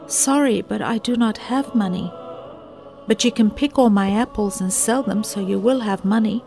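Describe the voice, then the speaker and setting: A woman voicing a gentle, giving old apple tree, speaking softly and tenderly. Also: mid-range voice, normal speed, creaky, faint music behind, lightly acted.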